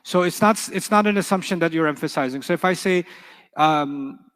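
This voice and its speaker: A man teaching an Arabic grammar class, lively and animated, often checking with his students. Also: fairly high pitch, fairly quick, long reverb tail.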